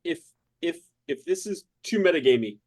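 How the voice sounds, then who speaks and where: A man's voice: a little high, expressive, moderate pace, darkish tone, no echo, low-quality recording. A man playing a tabletop game, asking hedging, tentative questions. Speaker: player. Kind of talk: casual tabletop game chat.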